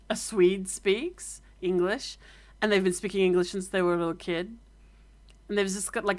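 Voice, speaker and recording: A woman's voice: medium pitch, fairly bright tone. Chatty, playful woman streaming. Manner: chatty, playful, laughing, profane. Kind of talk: casual chat.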